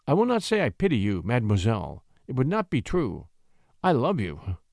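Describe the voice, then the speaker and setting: A man's voice: mid-range voice, wildly swooping pitch, fairly quick, vocal fry, darkish tone, no room sound, clean studio sound, voice pushed down. A man playing an earnest young shepherd poet. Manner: earnest, heartfelt.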